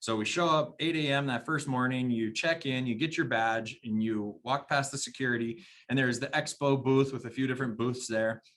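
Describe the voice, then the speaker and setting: A man's voice: medium pitch, steady tone, moderate pace, hardly any pauses, fairly bright tone. A man from Arizona co-hosting a podcast, telling a rambling story in casual chat with many restarts. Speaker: podcast co-host.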